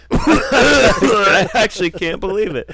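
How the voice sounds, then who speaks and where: Young man, podcast co-host, casual storytelling, keeps laughing, lively swinging pitch. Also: takes it slowly, over a noisy crowd. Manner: laughs often, swears constantly, animated retelling.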